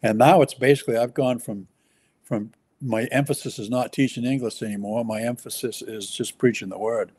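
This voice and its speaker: A man speaking as a pastor in a relaxed ministry conversation, pausing and restarting often as he describes his work. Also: mid-range voice. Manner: halting, with many restarts and fillers.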